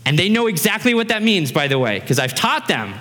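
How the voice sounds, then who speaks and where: Male pastor, 30s, bright and fairly high voice, animated conversational sermon in a reverberant hall. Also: fairly quick.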